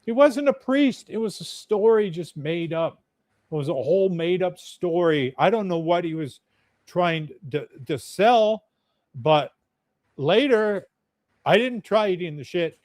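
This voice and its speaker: A man's voice: high voice, lively intonation, a little slow, a little mellow, no room sound, clean studio sound. A man telling a story as a podcast guest in a blunt, chatty, profane way. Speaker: podcast guest, UFO videographer. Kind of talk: casual storytelling.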